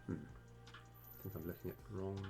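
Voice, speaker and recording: Give me a man with a fairly low voice commentating his game stream, thinking aloud and getting excited, with soft music in the background. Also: normal speed, creaky. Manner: thinking aloud, many fillers, bursts of excitement. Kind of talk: live-stream commentary while playing and mapping a game.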